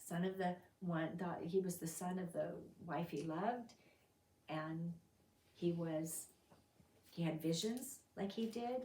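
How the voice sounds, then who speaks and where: A woman's voice: on the low side, recorded from a distance, a little hiss or hum. A woman teaching a Bible study, telling the story dramatically and acting out the characters' lines. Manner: dramatic, acts out quotes with sudden loud outbursts. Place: fellowship meeting room. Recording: roomy sound from off the mic.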